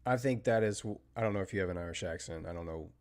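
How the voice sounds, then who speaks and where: An American man hosting a live trading stream, chatting casually and talking through market moves, with fillers and trailing pauses. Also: deep voice. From United States. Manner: steady technical market commentary. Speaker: trading livestream host.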